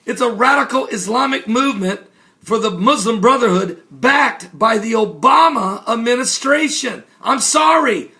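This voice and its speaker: An American man hosting a radio talk show, promoting tonight's episode with incredulous outbursts and quick jumps between topics, recorded in a studio. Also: very high voice, animated, pushed and bright. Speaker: radio show host and preacher. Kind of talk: excited show promo monologue.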